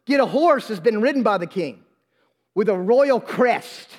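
A preacher putting on a smug, scheming court official who gloats and then grovels for mercy. The voice sits very high for a man and keeps the long echo of a big hall. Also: animated, a little slow. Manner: gloating then desperate pleading.

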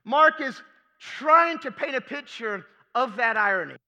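A man's voice: very high-pitched, animated, measured pace, sharp tone, lo-fi sound. A man preaching a sermon as pastor, emphatic, asking rhetorical questions and repeating key phrases.

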